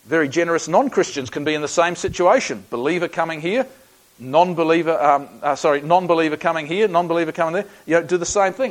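A man's voice: on the high side, fast talker, low-quality recording. An Australian man preaching a sermon, telling a personal story in a conversational, folksy way with frequent restarts.

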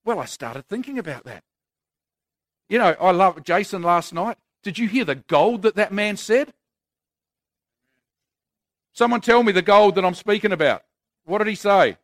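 A man's voice: sits high, lively intonation, moderate pace, long pauses, fairly bright tone, no echo. A man preaching a sermon in an earnest, conversational way with touches of self-deprecating humour.

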